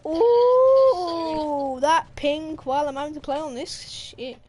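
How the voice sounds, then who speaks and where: A young woman streamer reading out a news story while gaming, animated and sweary, laughing as she goes. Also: sits high, slow pace, slight background noise. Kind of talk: casual commentary while gaming.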